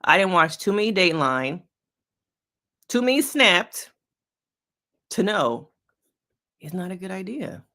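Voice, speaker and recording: A woman's voice: lowish voice, big pitch swings, unhurried, long pauses, sharp tone. A woman, a licensed therapist, giving casual reaction commentary on a reality show, talking straight to her viewers in a chatty, slangy, playful way.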